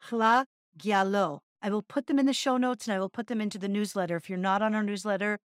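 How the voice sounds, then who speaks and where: A middle-aged woman co-hosts a relaxed podcast, explaining a practice in an earnest, chatty way and chanting short syllables. Her voice sits at a middling pitch. The recording is close and completely dry. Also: rapid-fire, no room sound. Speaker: podcast co-host and yoga teacher. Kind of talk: casual chat.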